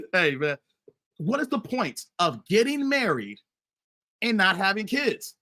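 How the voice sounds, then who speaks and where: A middle-aged man runs a casual commentary live stream in a bright, forward voice. He keeps talking straight to his audience as "guys" and "fellas". His sentences often stumble and start over. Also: high-pitched, takes it slowly. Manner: animated, addresses viewers as guys and fellas; repeats himself and restarts often. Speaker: commentary channel host.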